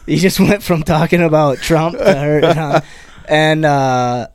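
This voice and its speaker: A man's voice: on the high side, a little slow, a little mellow, smooth, dry recording. A man, a stand-up comedian, telling a rambling, profane story in casual chat.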